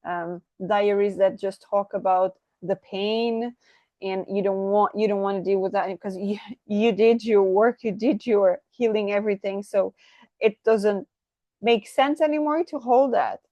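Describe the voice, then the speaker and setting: A woman giving a channeled tarot reading, effusive and excitable, tripping over her words and asking "right?" again and again. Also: mid-range voice, measured pace, no echo, muffled recording. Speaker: tarot reader.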